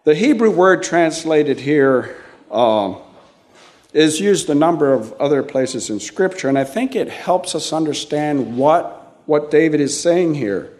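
An older man preaching a sermon, slow and halting, with frequent restarts and fillers. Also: fairly high pitch, expressive, darkish tone.

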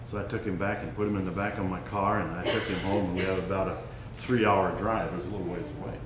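A man's voice: low voice, flat delivery, quick pace. A man, a preacher, praying and then telling a folksy, rambling story to a church gathering, often asking his listeners simple questions. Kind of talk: prayer and folksy sermon storytelling. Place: church gathering, roomy hall. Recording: echoey room, far from the mic, ambient noise.

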